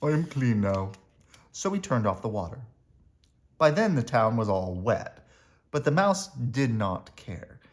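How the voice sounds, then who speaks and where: A man reading a children's storybook aloud, slowly and with a lively, swinging pitch. His delivery is expressive and suited to bedtime listening. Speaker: storybook reader. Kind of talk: children's read-aloud narration.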